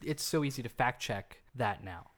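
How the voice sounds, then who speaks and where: On a podcast, a co-host casually relates an urban legend, rambling with frequent restarts and fillers. His voice is medium-pitched and fairly bright, with lively intonation at a moderate pace.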